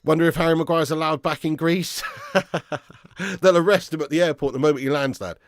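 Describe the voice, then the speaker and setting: Speaking at normal speed in a fairly high pitch, a young man hosts a football fan live stream and reads viewer comments amid casual banter. He laughs often and calls viewers lad and mate, recorded dry at studio quality.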